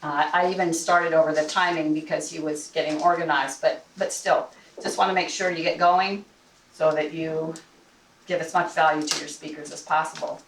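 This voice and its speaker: A woman's voice: low-pitched, steady tone, normal speed. A woman giving the general evaluator's report at a speaking club meeting, chatty, with many restarts and fillers. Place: meeting room. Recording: roomy, distant mic with faint noise.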